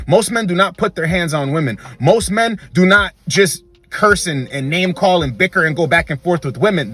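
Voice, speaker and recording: Husky man lecturing emphatically. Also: fairly high pitch, fairly bright tone. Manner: emphatic, lecturing, repeats points. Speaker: dating commentary host. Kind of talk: opinionated monologue.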